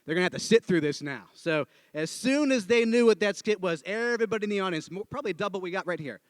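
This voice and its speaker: A man's voice: high voice, quick pace, no room sound. A man from the northeastern United States telling a personal story live, acting out the people in it. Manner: animated, acts out every character in the story. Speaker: storyteller speaking to an audience.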